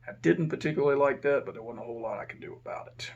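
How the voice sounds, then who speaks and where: A man's voice: mid-range voice, very fast, gravelly, highs cut off. A man who used to be a prison officer tells a rambling, plain-spoken story in a casual way and keeps correcting himself. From Texas.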